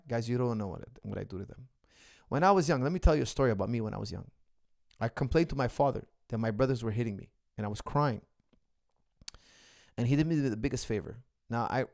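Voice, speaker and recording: A man's voice: medium pitch, vocal fry, a little mellow. A middle-aged man, a martial arts coach, chatting emphatically and jokingly with viewers in a live question-and-answer stream. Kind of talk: livestream Q&A chat.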